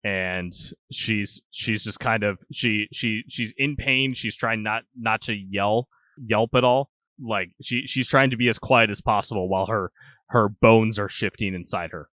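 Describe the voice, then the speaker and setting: Man, tabletop player, halting speech, bright tense voice, dry close sound. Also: on the low side, no room sound. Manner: halting, restarts often. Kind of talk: describing actions in a tabletop game.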